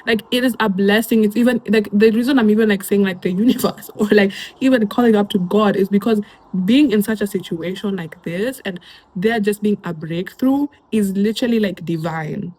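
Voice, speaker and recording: A woman's voice: mid-range voice, normal speed, a little mellow. A young woman from Kenya with a Kenyan accent, a YouTuber reading online posts aloud and chatting about them casually. She laughs often and drops Swahili slang into her talk.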